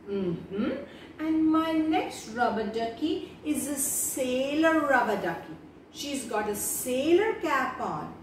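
A woman reading a children's story aloud in an animated, sing-song way, speaking to young children. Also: a little high. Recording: echoey room, far from mic, noisy.

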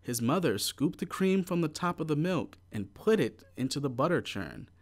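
A man reading a children's picture book aloud in a slow, clear, expressive way. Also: fairly high pitch. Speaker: storybook reader.

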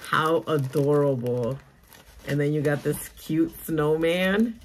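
A young adult woman vlogging as she opens a mail package, gushing with excited exclamations. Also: deep voice, slow, a little hiss or hum. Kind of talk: casual unboxing vlog.

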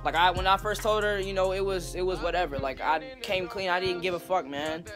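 A young man telling a story in a casual, animated and profane way, full of slang. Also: sits high, brisk, music in the background. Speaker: storytelling vlogger.

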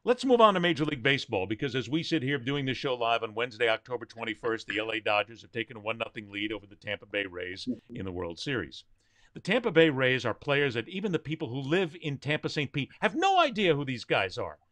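A man's voice: mid-range voice, sing-song, quick pace, fairly bright tone, no room sound. A man hosting a sports talk show, emphatic and opinionated as he leads the debate.

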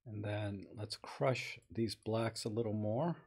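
A man's voice: fairly low pitch, steady tone, takes it slowly, darkish tone, husky. Chatty man editing photos live. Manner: chatty, thinking aloud, greets viewers while working. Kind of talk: casual live-stream commentary.

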